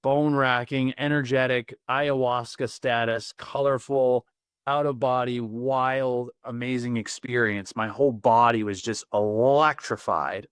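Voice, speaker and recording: A man as a podcast guest, telling a personal story in an earnest, vivid and excitable way, often repeating words. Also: mid-range voice, measured pace, smooth, dry recording, clean studio sound.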